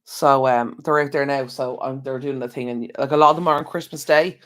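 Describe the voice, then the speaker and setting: A man with an Irish accent, medium-pitched and steady, talks a little fast with a fairly bright tone. As host of a casual home live stream, he's tired and yawning, rambling and speaking directly to viewers through an external microphone.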